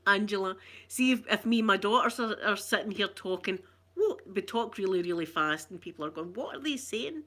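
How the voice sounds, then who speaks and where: Speaking at a moderate pace in a bright, forward, mid-range voice, a middle-aged Scottish woman with a broad accent hosts a casual ASMR live stream. She laughs often while reading out viewers' comments and answering them with warm banter.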